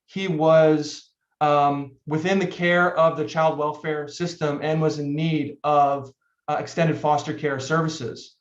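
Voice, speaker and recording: A man arguing for the appellant in court, hesitant and filler-heavy, often restarting his sentences. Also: a little high. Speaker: attorney for the appellant. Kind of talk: courtroom oral argument. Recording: echoey, muffled courtroom audio.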